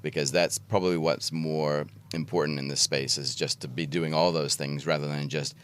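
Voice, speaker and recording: A man with a very low, deep voice hosts a podcast conversation. He keeps things casual and playful, slipping in jokes and laughing as he goes. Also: steady tone, moderate pace, fairly bright tone, a little hiss or hum. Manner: jokey, playful, laughs often. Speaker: podcast host. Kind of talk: casual interview chat.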